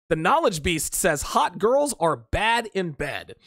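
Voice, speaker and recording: A man with a fairly high, very animated voice that swings up and down as he talks off the cuff on a livestream. He answers his chat bluntly, swears freely and laughs often. The sound is close and dry, with no room around it. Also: dry recording. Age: adult. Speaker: livestream host reading chat. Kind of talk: casual unscripted livestream chat.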